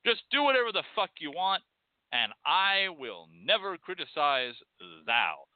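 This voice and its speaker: A man's voice: on the high side, big pitch swings, unhurried, no echo. A man hosting a show, delivering a blunt, profane, ranting monologue. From Texas. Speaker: podcast host. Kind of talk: impassioned monologue. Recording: dry, tinny phone-like sound.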